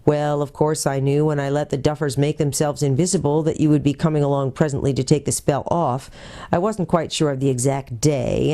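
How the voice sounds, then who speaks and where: Storybook read-aloud: woman doing a fond old wizard, chatty and a bit fussy, warm dark tone, lifted a little higher. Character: kindly old male magician, fond, sleepy.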